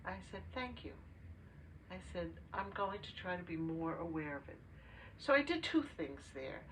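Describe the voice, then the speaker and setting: An older woman co-hosting a podcast, telling a family story in casual chat with pauses and filler words. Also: fairly low pitch, big pitch swings, a bit bright. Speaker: podcast co-host. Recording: distant mic with faint noise.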